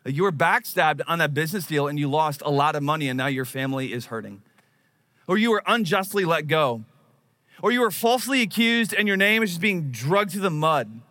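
A man's voice: fairly high pitch, animated, fairly quick, pushed and bright. A man in his thirties preaching a sermon, telling a personal story in a conversational, self-deprecating way. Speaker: pastor.

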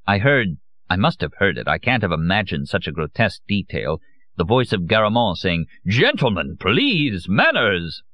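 A man reading a novel aloud as an audiobook narrator, in a measured, grave manner. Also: low-pitched, animated, dry recording, muffled recording.

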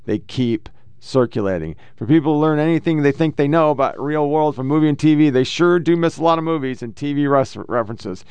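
Profane ranting man, smooth voice. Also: a little high, brisk, darkish tone, no room sound. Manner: profane, heated, reads posts aloud. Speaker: podcast host. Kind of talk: ranting political commentary.

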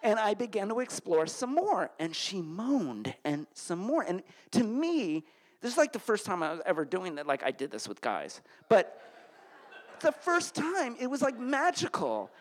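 Animated male storyteller from Connecticut. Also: moderate pace. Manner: animated, voice jumps high when flustered. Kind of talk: live comic storytelling.

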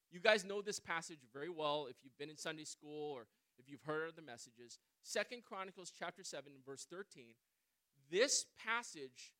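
A man preaching a sermon. He tells a personal story in an animated way, often checking in with listeners by asking "right?". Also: a little high. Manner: animated storyteller, swings between loud and quiet.

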